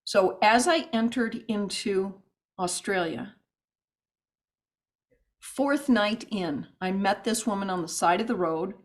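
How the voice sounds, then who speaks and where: A woman telling stories as a podcast guest, animated and rambling with restarts and asides. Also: mid-range voice, slow, long pauses. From United States. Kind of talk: podcast interview storytelling.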